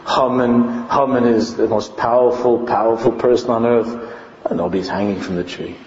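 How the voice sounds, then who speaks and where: In an echoey hall, a rabbi with a mid-range voice gives a Purim sermon at a moderate pace, starting animated and building to impassioned preaching. The lo-fi recording sounds dull, with faint background noise.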